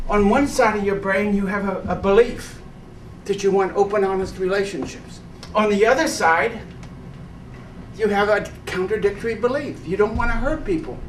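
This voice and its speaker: A man leading a workshop, lecturing a live audience and firing rhetorical questions at them. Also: high voice. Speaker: workshop leader. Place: indoor workshop room. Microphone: far camera mic, no personal mic. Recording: echoey room from far off with faint noise.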